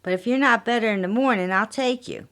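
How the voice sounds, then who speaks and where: Woman playing a sly older husband, syrupy, polite, soft-spoken, falsely sweet, storybook reading. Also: fairly high pitch, fairly quick.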